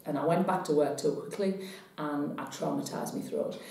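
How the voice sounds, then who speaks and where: A woman telling a personal story to camera in a chatty, animated way. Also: low-pitched, normal speed, gravelly. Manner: chatty, animated when retelling. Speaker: psychic vlogger. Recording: very echoey room.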